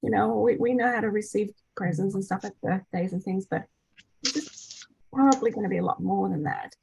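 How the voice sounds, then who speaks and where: In a casual group call, a woman in her thirties acts as meeting host; she's an energy healer who chats away with lots of fillers and restarts, brightly acting out quoted voices. Her mid-range voice is a little fast and has vocal fry. The low-quality recording carries a slight hiss or hum.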